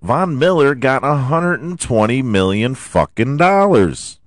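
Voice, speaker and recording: A man hosting a podcast, hoarse from allergies and often clearing his throat, ranting about football with lots of swearing and rhetorical questions. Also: medium pitch, sing-song, a little slow, no room sound, studio quality. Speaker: podcast host. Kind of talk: casual sports rant.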